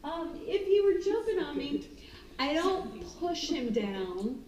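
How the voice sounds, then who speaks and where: High-voiced woman in a roomy space. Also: takes it slowly. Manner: animated, acts out excited calls and the dogs' thoughts. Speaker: dog trainer. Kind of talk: casual talk on dog training. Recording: roomy, distant mic, faint ambience.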